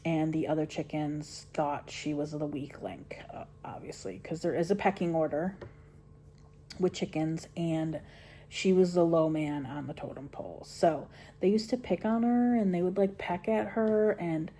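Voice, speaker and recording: A middle-aged woman vlogging from home while she crochets. She rambles in a chatty way and often trails off into soft mumbles. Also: lowish voice. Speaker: homestead vlogger. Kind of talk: casual chat while crocheting.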